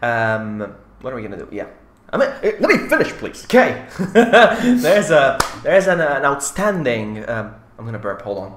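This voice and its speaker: A man's voice: medium pitch, very animated, normal speed, a bit bright, a little hiss or hum. A man from Malta hosting a live stream in casual chat, laughing often and rambling through his sentences. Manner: giggly, rambling, jokey. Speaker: streamer host. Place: home streaming setup, indoors. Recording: roomy room with music behind.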